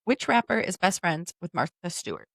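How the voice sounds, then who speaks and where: A woman hosts a relaxed podcast conversation. She laughs easily and tells her stories with animated energy. The sound is dry and close, with no room echo. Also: on the low side, normal speed, creaky. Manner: giggly, animated storyteller. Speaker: podcast host. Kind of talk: casual chat.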